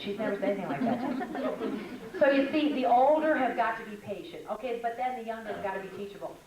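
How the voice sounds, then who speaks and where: A woman's voice: on the high side, lively intonation, quick pace, far from the mic, crowd noise. Older woman teaching in an echoey hall. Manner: chatty, humorous, storytelling. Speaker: speaker at a women's conference. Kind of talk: conversational teaching talk to women. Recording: echoey hall, mic from afar.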